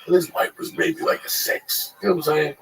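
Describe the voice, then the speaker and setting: A male comedian telling crude, animated stories in casual chat, acting out the people in them. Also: on the high side, a little fast, crowd noise, poor audio.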